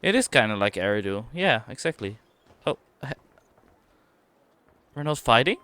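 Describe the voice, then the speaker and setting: A man's voice: mid-range voice, very animated, pushed and bright, soft background music. A man streaming a game, thinking aloud and reacting casually as he explores. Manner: thinking aloud, quick reactions, reads dialogue. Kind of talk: casual gameplay commentary.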